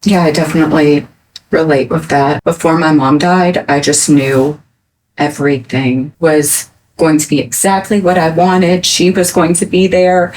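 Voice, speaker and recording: A woman's voice: deep voice, steady tone, measured pace, a little mellow. A woman hosting a podcast, open and sympathetic as she shares her own story. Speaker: podcast host. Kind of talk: candid interview talk. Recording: voice a bit distant from the mic.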